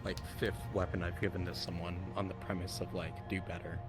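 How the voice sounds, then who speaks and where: Low voiced guy cracking dry jokes, music behind. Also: flat delivery, brisk. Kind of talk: casual chat.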